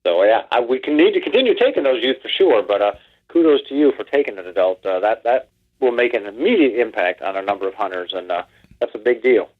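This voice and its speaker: A man from Pennsylvania, a guest on a podcast, speaking by phone in a measured way with many ums. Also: fairly low pitch, lively intonation. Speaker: podcast guest, wildlife outreach director. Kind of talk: casual interview talk. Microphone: phone call. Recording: tinny phone line.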